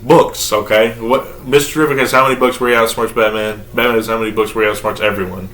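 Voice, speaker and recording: A man with a low voice that carries a bright, forceful edge walks through comic pages, reciting the characters' lines in flat quotes and tossing in jokes. A faint hiss sits under the recording. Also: fast talker. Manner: retells scenes in flat quoted dialogue, joking. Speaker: podcast co-host. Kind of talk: casual comic book review chat.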